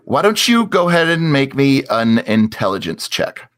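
A man narrating as game master of a tabletop game, describing scenes slowly with searching fillers. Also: medium pitch, very animated. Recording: loud music underneath.

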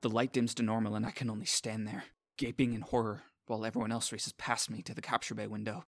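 A man's voice: on the low side, little pitch movement, fast, gravelly. A man giving scripted first-person narration as an earnest, self-conscious inner monologue.

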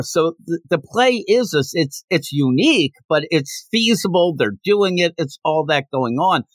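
A man's voice: high-pitched, unhurried, no room sound. A man hosting a podcast, chatting casually about a manga and retelling it with many restarts. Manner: animated storytelling with many restarts. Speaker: podcast host. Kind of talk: casual manga review chat.

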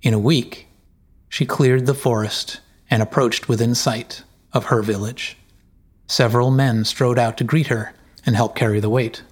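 A man reads a story aloud at an unhurried, deliberate pace. His voice sits at an ordinary middle pitch and his delivery stays steady and measured. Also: slightly rough. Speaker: narrator. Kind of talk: storybook narration.

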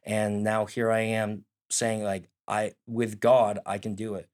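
A man's voice: on the low side, little pitch movement, unhurried, a little mellow. A young man, a student, giving an earnest personal testimony in a conversation. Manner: earnest, storytelling with quoted prayers.

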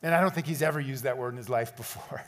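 A man's voice: medium pitch, fast talker, a little hiss or hum. A middle-aged male pastor preaching a sermon, telling a personal story and building to impassioned appeals. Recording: long hall reverb.

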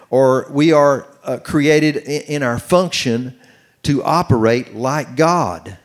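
Earnest man teaching scripture. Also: medium pitch. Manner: earnest, reads scripture slowly with running commentary. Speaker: pastor teaching on marriage. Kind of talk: sermon-style Bible teaching.

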